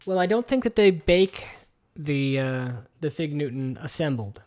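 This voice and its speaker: A man's voice: fairly high pitch, lively intonation, a little slow, darkish tone. A man co-hosting a casual podcast from his kitchen on a headset mic, rambling with many fillers and restarts. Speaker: podcast co-host. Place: home kitchen. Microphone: headset microphone with headphones.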